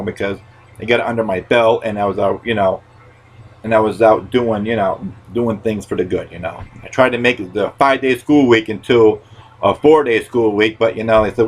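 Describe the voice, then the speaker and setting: A man hosting a podcast, telling a story in a loud, rambling way and swearing freely. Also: lowish voice, poor audio. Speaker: podcast host.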